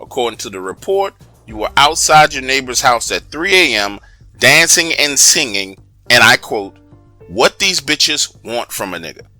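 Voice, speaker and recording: A man voicing a calm, patronizing male psychiatrist who speaks softly and slowly. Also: medium pitch, dry recording, soft background music. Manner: slow, soft, measured.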